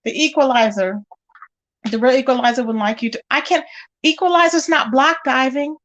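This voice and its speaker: A woman's voice: high voice, moderate pace, fairly bright tone. Chatty woman hosting a live gossip stream. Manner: chatty, addresses viewers directly, exclaims often. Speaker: livestream gossip host. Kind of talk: casual live-chat commentary.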